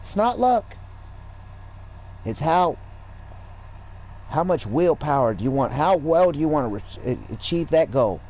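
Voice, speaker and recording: A man rambles through a casual gaming livestream, lecturing and swearing freely as he goes. His speaking voice sits high for a man. The delivery is loose and conversational. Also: animated, measured pace, darkish tone, slight background noise, low-quality recording. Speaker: gaming streamer.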